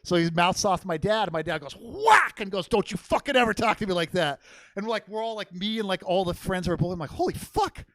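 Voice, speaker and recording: A young man from Oregon doing stand-up, rambling, loud and profane, laughing at his own jokes on a theater stage. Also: high-pitched, fast, no echo. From Portland, Oregon. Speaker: stand-up comedian. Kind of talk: stand-up crowd work and storytelling.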